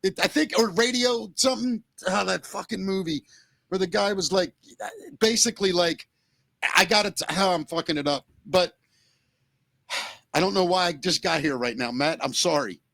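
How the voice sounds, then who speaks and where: Podcast co-host, man, earnest and shaken, tearful, bright tense tone. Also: high-pitched, vocal fry, no echo. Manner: earnest, emotional, swearing, halting restarts. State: close to tears. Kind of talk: emotional podcast talk.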